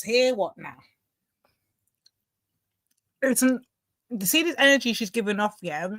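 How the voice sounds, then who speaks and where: A young woman, slangy and playful, her voice bright and close on a dry mic. She talks in an easygoing, conversational way. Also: medium pitch, no echo. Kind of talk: casual reaction commentary.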